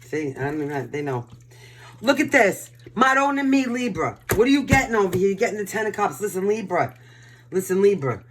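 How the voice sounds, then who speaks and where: A woman's voice: medium pitch, very animated, a little fast, background noise. Older brooklyn lady w/ new york accent doing a tarot reading, blunt and pushy, lots of emphasis. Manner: blunt, emphatic, pep-talk delivery. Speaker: tarot reader. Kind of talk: casual collective tarot reading.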